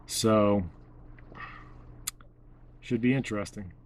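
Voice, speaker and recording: A man casually telling a story about his outdoor research, halting and full of "uh" and "you know". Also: fairly low pitch, steady tone, slight background noise. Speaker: bigfoot researcher vlogger.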